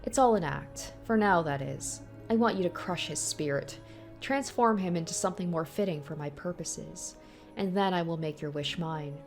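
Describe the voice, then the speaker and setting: A woman reading aloud the lines of a mysterious female witch in a visual novel, calm and faintly mocking. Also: lowish voice, normal speed, faint music behind, natural voice. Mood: cool, mocking.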